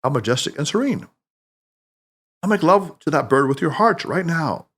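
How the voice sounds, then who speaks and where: A man's voice: very animated, normal speed, a bit bright, husky, exaggerated voice. A man voicing a wise, playful older male mentor who teases and speaks emphatically. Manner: emphatic, teasing, booming laughter.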